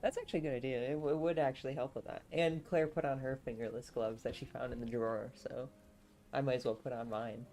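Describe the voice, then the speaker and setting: A woman's voice: a bass voice, fairly even intonation, quick pace, mellow, faint music behind. A woman streamer reading a novel aloud on a live stream and chatting between passages, giggly and self-deprecating.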